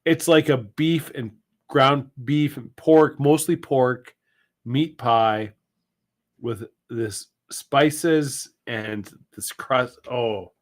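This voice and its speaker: Slow-talking guy co-hosting a live stream, rambly and jokey. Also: mid-range voice. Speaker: co-host. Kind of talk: casual live-stream chat.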